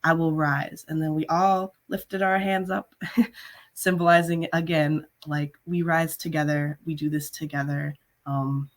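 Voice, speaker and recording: A choir singer explains their group's choreography gently over a video call, with the odd soft laugh. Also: mid-range voice, little pitch movement, unhurried. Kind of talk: casual reflective explanation.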